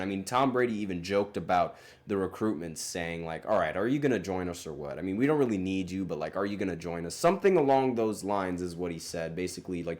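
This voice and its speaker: Deep-voiced man, casual solo sports podcast host, hesitant and rambling delivery. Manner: rambling, hesitant, many fillers and self-corrections.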